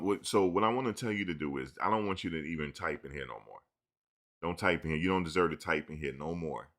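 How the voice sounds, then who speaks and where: A man hosting a casual live-stream sports talk show, teasing and answering his chat in an animated way. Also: a bass voice.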